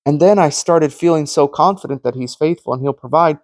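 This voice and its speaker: Earnest preaching man, fairly high voice. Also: a little fast, a little mellow, dry recording. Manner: storytelling that acts out quoted conversations; earnest, conversational. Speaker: Christian teacher. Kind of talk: informal preaching monologue.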